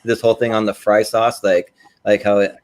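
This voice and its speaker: A man's voice: lowish voice, flat delivery, fairly quick. A man chatting casually, rambling and restarting his sentences often while he ranks restaurants. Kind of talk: casual chat.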